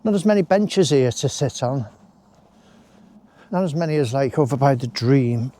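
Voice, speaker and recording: Out in a wooded country park, a chatty male walking vlogger offers casual commentary on his walk, rambling with friendly asides. His voice is medium-pitched and warm, at a normal speed.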